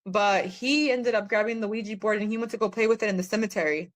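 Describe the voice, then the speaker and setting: A woman's voice: medium pitch, fast talker. A woman guest on a podcast, telling a personal testimony in a candid, plainspoken way.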